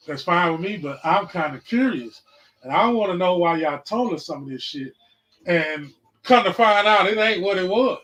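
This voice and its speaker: A man in his forties hosting a podcast, talking to listeners in a casual, preachy monologue that breaks into loud, excited bursts. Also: high voice, rough recording. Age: 40s. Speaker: podcast host.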